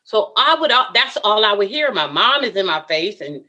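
A woman's voice: mid-range voice, big pitch swings, normal speed, bright, forceful tone, highs cut off. A woman guest in an interview, earnestly recounting a personal story and acting out what others said to her. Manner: earnest, emotional, often voices what others said.

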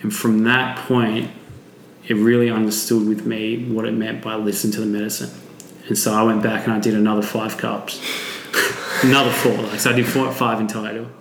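A man's voice: lowish voice, level tone, normal speed, background noise. A man being interviewed as a podcast guest, telling a vivid personal story and swearing freely. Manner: vivid, swearing, acts out quotes. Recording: echoey room.

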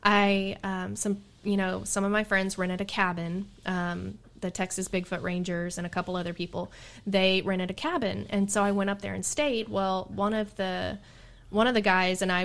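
Exasperated woman telling a field story. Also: mid-range voice. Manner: animated, exasperated, laughing storyteller. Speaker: Bigfoot researcher guest. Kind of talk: casual storytelling chat.

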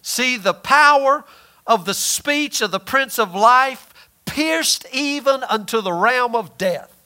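A man preaching a sermon who asks the listeners questions and answers them himself, drawling some phrases slowly for emphasis. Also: very high voice, lively intonation, pushed and bright.

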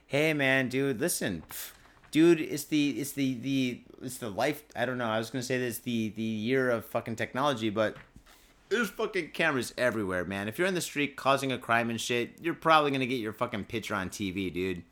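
A man's voice: mid-range voice, expressive, a little fast, fairly bright tone. Profane, rambling man hosting a podcast. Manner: profane, rambling, laid-back. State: drinking booze while talking. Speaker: podcast host. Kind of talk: casual drinking podcast chat and news reading.

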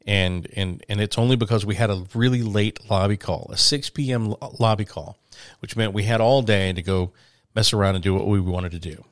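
A man's voice: lowish voice, fairly even intonation, brisk, dry recording, studio quality. A man telling a story in casual chat, rambling with fillers and restarts.

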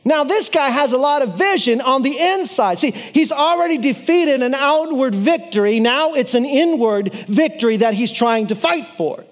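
A man with a strikingly high voice preaches a sermon. He tells the story with lively energy, breaks off for playful asides to the congregation, and repeats key lines to drive them home. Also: normal speed, hardly any pauses. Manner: repeats phrases for emphasis.

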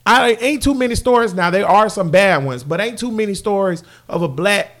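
A man with a noticeably high voice, debating in a loose, profane podcast conversation. He talks in bursts, shouting one moment and muttering the next. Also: a little fast. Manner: animated, swears freely, jumps between loud outbursts and low asides. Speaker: father. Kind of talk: heated casual debate.

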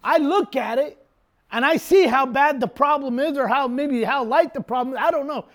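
Very high-voiced older male pastor. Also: moderate pace. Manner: emphatic, storytelling, bursts into shouts. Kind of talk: sermon.

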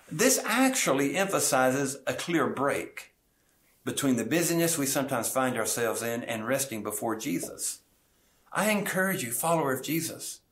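A middle-aged male pastor delivers a sermon with earnest conviction. He slows down on key phrases and leans on single words for weight. His voice sits at an ordinary pitch for a man. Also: fairly bright tone. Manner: earnest preaching with slow emphatic phrases.

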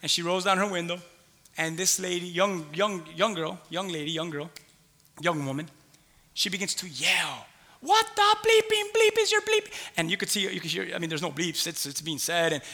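A male pastor preaching a sermon and telling a personal story in an animated way that builds to loud exclamations. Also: on the high side, normal speed, long reverb tail.

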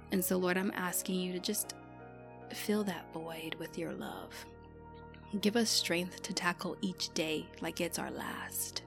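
Low-voiced woman praying softly, chatty and gentle, faint music behind. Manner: gentle, conversational, with many fillers. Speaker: prayer leader. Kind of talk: spoken prayer and encouragement.

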